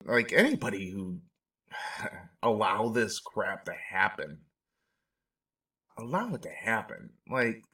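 A man with a lowish voice talks through a documentary in loose, rambling commentary, getting emotional and indignant as he goes. He sits a bit back from the microphone, so his voice sounds slightly distant. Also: big pitch swings, takes it slowly, pauses often, sharp tone. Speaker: podcast host reacting to a documentary. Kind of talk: casual commentary.

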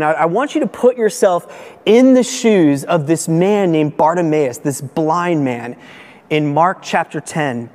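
Male pastor preaching in a reverberant hall. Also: on the high side. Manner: earnest, builds to raised animated emphasis. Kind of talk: sermon.

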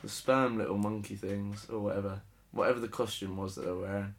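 Laid-back young Englishman, low voice. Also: fairly even intonation, fast talker. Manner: laid-back, laughs often, self-mocking. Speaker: podcast co-host, sports correspondent. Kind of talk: casual chat.

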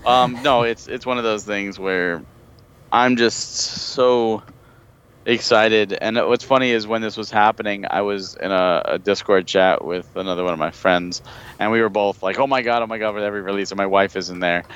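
An excitable man on a relaxed gaming podcast who laughs through his stories. His voice is low, smooth and resonant. The sound is a bit dull and lo-fi. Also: moderate pace. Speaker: podcast co-host. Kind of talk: casual chat.

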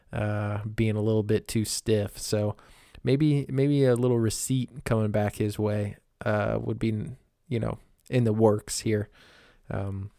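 A man's voice: lowish voice, darkish tone, dry recording, clean studio sound. A man hosting a wrestling podcast alone, talking casually in a blunt, rambling way with lots of fillers and frequent swearing. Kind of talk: casual solo recap.

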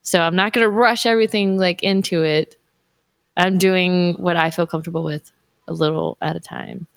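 A woman's voice: fairly low pitch, steady tone, moderate pace, gravelly, no room sound. A woman in her thirties, a mother, talking candidly and rambling, with lots of "like" fillers. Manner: rambling, heavy use of "like". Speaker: guest, mother and streamer. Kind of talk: candid casual conversation.

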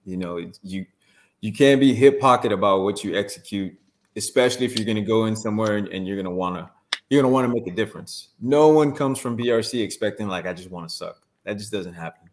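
Blunt low-voiced man giving advice. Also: quick pace. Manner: blunt, direct, military jargon. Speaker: guest, Marine recruiter. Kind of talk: advice in casual interview.

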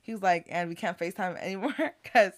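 A woman's voice: medium pitch, expressive, fairly quick. A woman co-hosting a podcast, chatting casually, animatedly retelling text messages and laughing often. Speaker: podcast co-host. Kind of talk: casual chat, storytelling.

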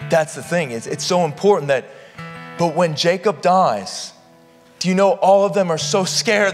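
A man's voice: high voice, moderate pace, long reverb tail, faint music behind. A man preaching a sermon to a live congregation, impassioned and firing questions at the listeners. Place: church hall with live congregation.

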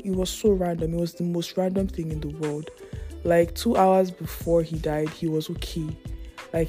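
A young woman of Yoruba family background hosts her own podcast, chatting casually and solo in a rambling, playful way and laughing often. Her voice is lowish with a dark tone.

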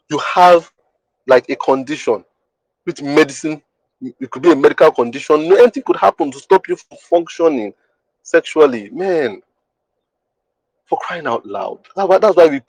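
A man's voice: mid-range voice, no echo, low-quality recording. A man hosting a podcast who teaches in an emphatic, repetitive way and often asks the listener whether they understand. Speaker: podcast host. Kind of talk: teaching monologue.

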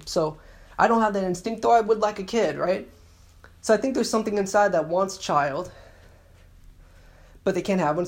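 A man ranting in a casual monologue, annoyed and sarcastic, sometimes mocking others in put-on voices. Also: high-pitched. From San Francisco Bay Area. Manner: mimics women in mocking voices. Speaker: vlogger.

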